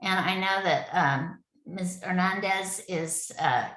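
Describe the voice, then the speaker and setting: A woman's voice: on the low side, slow pace, fairly bright tone, echoey room, low-quality recording. A woman leading an online project meeting from home, talking in a rambling, effusive way and laughing often. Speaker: city project lead running the meeting. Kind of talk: casual online meeting talk.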